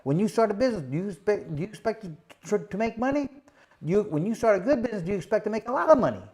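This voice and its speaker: Speaking very fast with a slightly rough edge, this middle-aged man, a host who was once a boxing champion, spins a casual, chatty story. His pitch runs a touch above average for a man, and he leans on repeated fillers while lively acting out the voices of people he quotes.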